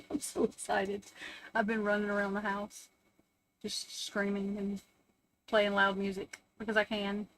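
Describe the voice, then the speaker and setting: A woman's voice: mid-range voice, monotone, measured pace, long pauses, a bit bright. A woman hosting a casual live stream from home, chatting, swearing freely, laughing often and answering her chat.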